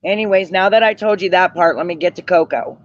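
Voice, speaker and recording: High-voiced tired man telling gossip. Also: brisk, slight background noise. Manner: rambling, circles back, retells quotes. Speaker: livestream panel guest. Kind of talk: casual gossip storytelling. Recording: dull lo-fi dry audio.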